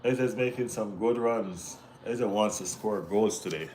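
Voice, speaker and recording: A Jamaican man hosting a casual football watch-along stream, bantering with viewers in relaxed Caribbean slang. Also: fairly low pitch, unhurried, a little hiss or hum. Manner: laid-back banter with Caribbean slang, bursts of excited teasing. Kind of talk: casual live-stream chat reading viewer comments.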